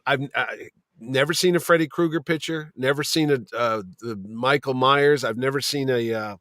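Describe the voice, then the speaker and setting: A man's voice: mid-range voice, normal speed, dry recording, clean studio sound. A man who produces and owns a comic convention, telling stories in a casual chat with loose swearing. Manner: storytelling, animated, swears casually.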